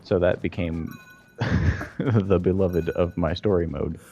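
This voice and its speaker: A man's voice: low-pitched, steady tone, takes it slowly, dark tone, slightly rough. A man in casual gaming chat, telling stories animatedly and laughing a lot. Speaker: gamer and podcast co-host. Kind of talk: casual chat while playing a game.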